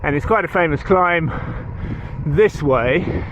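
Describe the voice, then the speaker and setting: A man's voice: fairly high pitch, slow pace. A man talking casually to camera as a cycling vlogger, in a rambling, self-correcting way, from a camper van and the roadside. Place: camper van and outdoors by the road. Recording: noisy outdoor traffic background.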